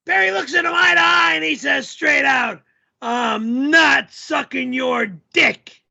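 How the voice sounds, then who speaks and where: A man voicing a loud, crude storyteller character who yells all the time, in a raspy, strained voice. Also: extremely high pitch, takes it slowly, muffled recording, heavily acted. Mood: yelling. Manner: yelling, crude and rambling. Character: loud, always-yelling male storyteller character.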